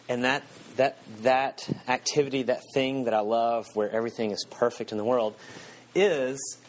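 A man's voice: mid-range voice, slight background noise. A man, preaching a sermon and telling a self-mocking story with frequent chuckles. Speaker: pastor. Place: church.

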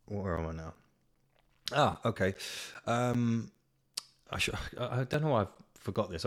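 A young man hosting a solo podcast, telling stories in a chatty way and swearing freely. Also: low voice. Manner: chatty storytelling with swearing and laughs. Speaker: podcast host. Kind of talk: casual solo podcast chat.

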